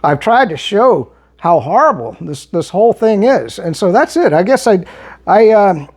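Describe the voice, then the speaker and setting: Responding to viewer comments, a man who does political commentary vlogs argues in a heated monologue, frequently starting his sentences over. He speaks at a normal speed in a high, sing-song, slightly rough voice.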